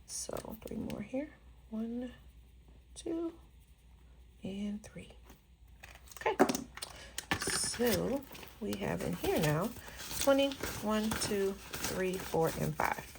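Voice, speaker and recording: A chatty woman, talking casually with viewers while she counts bills aloud. Her mid-pitched voice has a gravelly edge. The recording carries steady background noise. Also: extremely slow, long pauses. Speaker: budgeting vlogger. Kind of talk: casual cash-stuffing vlog chat.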